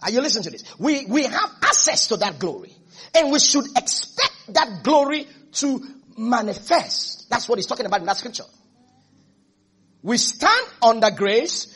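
A man's voice: extremely high pitch, a bit bright, breathy edge. A man preaching a sermon as pastor, emphatic, repeating phrases and asking the congregation if they are listening.

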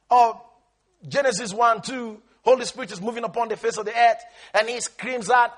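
Brief: emphatic male preacher, very high and bright, lively call-and-response delivery. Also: moderate pace, breathy edge. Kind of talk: sermon.

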